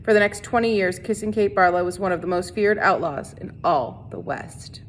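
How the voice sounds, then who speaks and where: A woman teacher reading a novel aloud to her class in a steady, unhurried storytelling voice. She stumbles now and then and restarts the phrase. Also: lowish voice, slight background noise.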